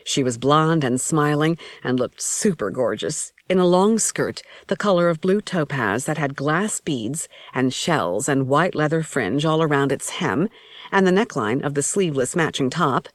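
A woman with a low voice reads a first-person novel in an even storytelling manner. The sound is dry and close to the mic. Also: moderate pace, no echo. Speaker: audiobook narrator. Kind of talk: first-person audiobook narration.

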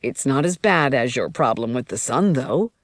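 A woman voicing a tearful, devoted young man who speaks softly and steadily. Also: a bass voice, moderate pace, no echo, clean studio sound. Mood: tender. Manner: soft, steady pleading.

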